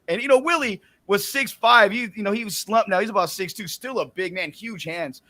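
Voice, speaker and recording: Male host, fairly high voice with a sharp, bright edge, loose rambling storyteller. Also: brisk, few pauses, dry recording. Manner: rambling storyteller, frequent restarts and ums. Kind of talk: casual sports talk show.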